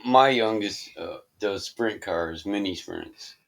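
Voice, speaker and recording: A man in his forties from Michigan chatting casually on a voice call, easygoing and quick to laugh while telling stories. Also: fairly low pitch. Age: 40s. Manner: easygoing, laughs often, tells car-collecting stories. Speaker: discord caller. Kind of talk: casual chat. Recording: voice chat over discord.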